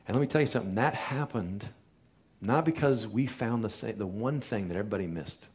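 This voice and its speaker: A middle-aged man with a somewhat low voice tells a patient's story to a seated audience. He speaks earnestly and with emphasis, letting his voice sink to a near hush before pressing back up. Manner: earnest, emphatic storyteller with sudden quiet drops. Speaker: chiropractor giving a talk. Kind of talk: storytelling talk to a live audience.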